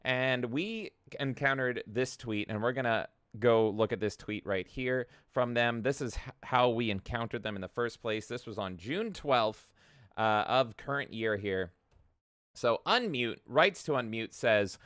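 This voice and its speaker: A man co-hosts a casual podcast, chatty and animated while he reads out posts. His voice is bright and clear, with a mid pitch. The sound is dry and close. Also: a little slow, dry recording. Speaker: podcast co-host. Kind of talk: casual chat.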